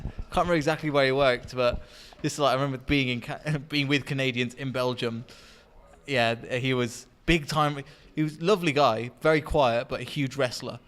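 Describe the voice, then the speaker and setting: A man's voice: medium pitch, fast, a bit bright. Chatty young Englishman, podcast host. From England. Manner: chatty, laughs easily, many restarts. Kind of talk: casual chat.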